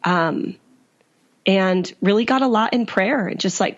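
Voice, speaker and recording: A woman's voice: medium pitch, highs cut off. A woman guest in an interview, earnestly recounting her own story and laughing easily between thoughts. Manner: earnest, quick to laugh, quotes others in lively bursts. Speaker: guest, author and survivor.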